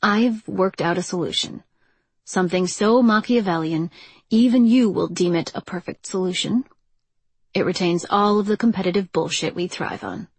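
A woman reading a smooth, teasing young man. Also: fairly low pitch, normal speed, no room sound. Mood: scheming.

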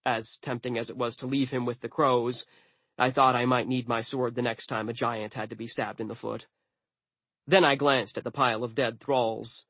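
A man narrating an audiobook in a studio, with wry, deadpan asides. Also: medium pitch, normal speed, husky, no echo.

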